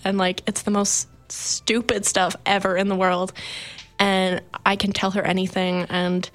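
A woman's voice: mid-range voice, a bit bright. A young woman hosting her college radio show, chatting in a rambling, heartfelt, filler-heavy way into a studio microphone. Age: young adult. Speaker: campus radio host. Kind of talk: sentimental farewell radio chat.

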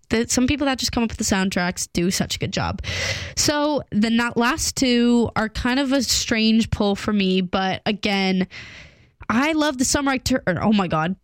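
A woman's voice: mid-range voice, no echo. A young woman hosting a podcast, chatting casually and rambling with a stuffed-up, congested voice from a cold. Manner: chatty, self-deprecating, restarts a lot. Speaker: podcast host.

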